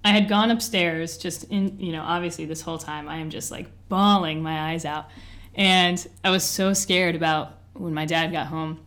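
A woman's voice: deep voice, steady tone, normal speed, a bit bright. A woman in her twenties, telling a personal story to an interviewer in a chatty way, full of "like" and "you know". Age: 20s. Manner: chatty, lots of "like" and "you know", laughs often. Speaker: interview guest.

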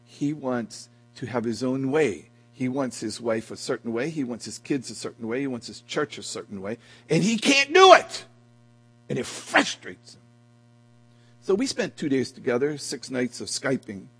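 A man preaching a sermon to a men's breakfast in a church hall, telling stories dramatically and swinging from quiet talk to loud cries. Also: medium pitch, normal speed, few pauses, slightly rough.

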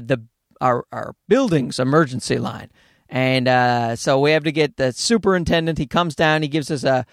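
A man's voice: fairly high pitch, dry recording, clean studio sound. A man hosting a podcast, rambling through a profane, comedic monologue full of tangents. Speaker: podcast host.

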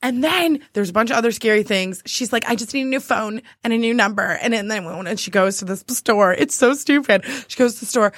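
A hoarse woman chatting casually as a co-host, telling stories in an animated way, acting out scenes and laughing often. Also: mid-range voice, no echo, studio quality. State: hoarse from lack of sleep. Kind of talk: casual chat.

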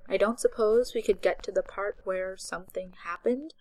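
A woman's voice: mid-range voice, normal speed, darkish tone, lightly acted, rough recording. A woman voicing a tired, exasperated young woman in an audiobook, with a dry, sarcastic delivery. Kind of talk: audiobook character voice.

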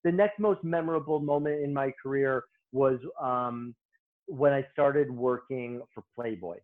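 A middle-aged man, a hairstylist guest, telling lively anecdotes in casual podcast chat and acting out the lines people said. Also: mid-range voice, measured pace. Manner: lively anecdote-teller who acts out quoted lines. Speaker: hairstylist and beauty-industry guest. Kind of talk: casual storytelling in a podcast interview. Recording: tinny phone-line audio.

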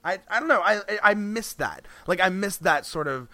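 Recorded dry, a male podcast co-host talks at normal speed in a high-pitched, animated voice that sounds bright and forceful. The conversation is casual and rambling, full of restarts and laughter between phrases.

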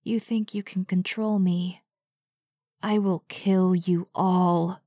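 A cruel bodiless spirit in an audiobook, hissing out its threats in a slow, breathy whisper, as a woman reader puts it on. the voice sits low and dragging, close and dry with no room around it. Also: steady tone, dark tone, dry recording. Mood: menacing. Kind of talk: audiobook narration.

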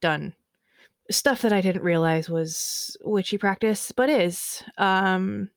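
A woman's voice: mid-range voice, slow, no room sound, studio quality. A woman in her thirties co-hosting a podcast, chatting casually in a hesitant, self-deprecating way with many fillers. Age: 30s. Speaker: podcast co-host.

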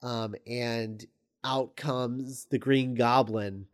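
A man recounts a screenplay in a loose, casual way. He stumbles through ums and restarts at a middling pitch. He sounds amused by the material as he goes. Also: steady tone, extremely slow. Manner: rambling, hesitant, full of ums and restarts; amused, chuckles while recounting.

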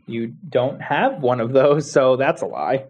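A man's voice: mid-range voice, expressive, unhurried, a little mellow, lo-fi sound. A man hosting a casual tech podcast, joking and playful as he leads the talk. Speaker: podcast host.

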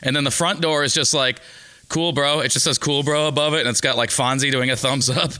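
A man's voice: medium pitch, steady tone, a little fast, sharp tone. A man co-hosting a comedy podcast, riffing through a rambling bit full of fillers and restarts. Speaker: podcast co-host. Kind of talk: casual comedic chat.

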